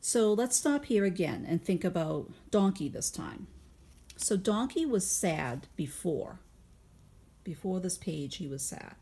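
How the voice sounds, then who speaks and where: A woman teacher reading a picture book aloud to young children at home over video, stopping to ask gentle guiding questions and explain her thinking patiently. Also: on the low side, lively intonation, unhurried, slightly rough.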